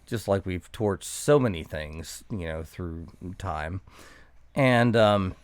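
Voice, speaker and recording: Man, lowish voice, smooth and clear, sarcastic and swearing, casual story. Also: lively intonation, takes it slowly, no echo. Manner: profane, sarcastic, rambling. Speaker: podcast guest.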